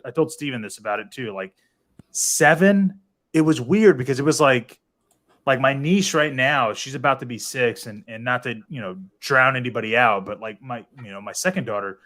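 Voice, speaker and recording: A man in his thirties hosts a loose podcast conversation, animated and quick to laugh. His speech is full of "like" and "dude" as he tells stories about his kids. Mid-pitched voice. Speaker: podcast host. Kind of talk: casual chat.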